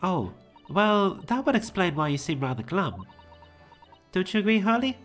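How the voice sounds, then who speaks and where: A man's voice: sits high, very animated, normal speed, a bit bright, soft background music, voice pushed up. A man voicing an eccentric, pompous male detective with a put-on British accent, read from a video game. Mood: grandiose.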